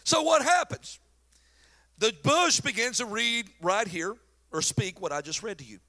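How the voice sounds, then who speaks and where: A man's voice: sits high, big pitch swings, a little slow, sharp tone. A middle-aged man, a pastor preaching a sermon in a folksy, joking, storytelling way.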